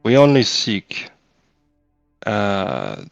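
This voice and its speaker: A man's voice: on the low side, huge pitch swings, creaky, dry recording, lo-fi sound, faint music behind, voice pushed down, exaggerated voice. A man voicing an earnest young male adventurer who stumbles through a rallying speech. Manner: halting, stumbling over words. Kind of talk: in-character role-play.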